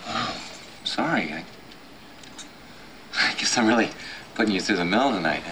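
An actor playing a bewildered young man on an awkward date, giving flat, stunned reactions, heard in a noisy film clip. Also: fairly low pitch, normal speed, close to an everyday voice.

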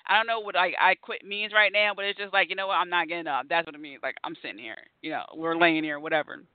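Man, casual host chat, animated storytelling, smooth voice, dry tinny phone sound. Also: fairly high pitch, fast talker, dry recording. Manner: animated storyteller, acts out his own reactions. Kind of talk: casual conversation.

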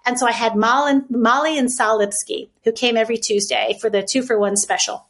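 A woman in her sixties from the United States, a podcast guest telling her life story in a chatty, animated way with many fillers. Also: a little high, brisk. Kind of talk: casual storytelling interview.

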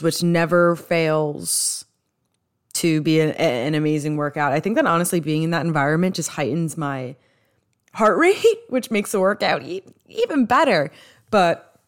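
A woman with a New York accent, from the US East Coast, hosting a podcast in rambling, chatty solo talk with many restarts. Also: fairly low pitch. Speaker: podcast host. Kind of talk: casual solo podcast chat.

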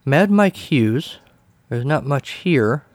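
A man's voice: mid-range voice, animated, slow, no echo. Wry man hosting a podcast. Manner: wry, sarcastic asides. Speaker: podcast host. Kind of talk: casual solo commentary.

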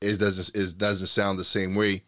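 A man with a very deep voice talks as a guest in a casual chat, speaking close to a dynamic microphone. The sound is dry and close. He is relaxed and often restarts his sentences. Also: a little slow, no echo. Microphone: dynamic mic, spoken up close.

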